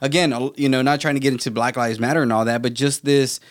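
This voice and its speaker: A man's voice: mid-range voice, fairly even intonation, quick pace. A man from Texas co-hosting a casual talk show, rambling and emphatic, with plenty of swearing. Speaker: co-host. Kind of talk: casual podcast chat.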